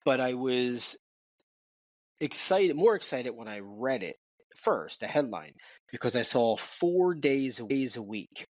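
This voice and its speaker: A man co-hosting a podcast from his home office, talking in an animated, casual way with repeats and swearing. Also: mid-range voice, slow, dry recording. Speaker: podcast co-host. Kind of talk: casual chat.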